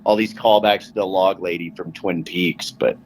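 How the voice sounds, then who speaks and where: A man's voice: low-pitched, normal speed, rough recording. A man co-hosting a podcast, chatting casually and telling stories with lots of energy and easy swearing. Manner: animated storyteller, swearing casually. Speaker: podcast co-host. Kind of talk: casual chat.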